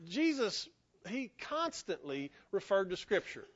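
Preaching with animated, down-home energy, this man acts out the voices he quotes while still coughing from an illness he's getting over. His voice is very high, his delivery a little slow, and the recording muffled.

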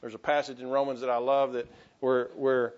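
Impassioned pastor preaching, muffled recording. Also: male voice, medium pitch, little pitch movement, brisk. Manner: impassioned preaching with many restarts and rising calls to the congregation. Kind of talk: sermon. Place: church sanctuary.

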